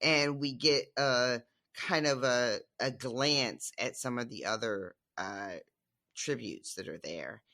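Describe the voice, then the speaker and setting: A man's voice: mid-range voice, slow pace, pushed and bright. A man co-hosting a book podcast, musing casually and laughing easily. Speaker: podcast co-host.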